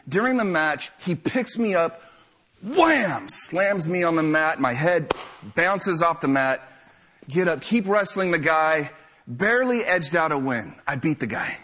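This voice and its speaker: A young man telling a lively, self-mocking story to a live audience. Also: high-pitched.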